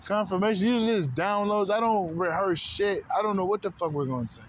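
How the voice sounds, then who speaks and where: A man's voice: high-pitched, a little fast, a little hiss or hum. A man hosting an unscripted spiritual monologue, talking in loose, profane slang, rambling from one thought to the next. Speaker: spiritual channel host.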